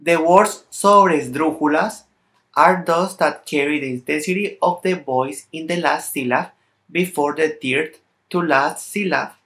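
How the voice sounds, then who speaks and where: A man with a Latin American Spanish accent, a native Spanish speaker, gives a language lesson in somewhat halting English and carefully sounds out example words one by one. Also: a little high, a bit bright. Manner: slightly halting non-native English phrasing. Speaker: language teacher.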